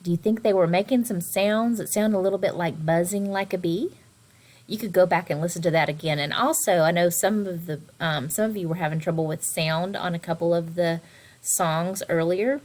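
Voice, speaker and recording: A woman gives a recorded online music lesson for children, speaking expressively and slowing or whispering words for emphasis. Her voice sits on the low side.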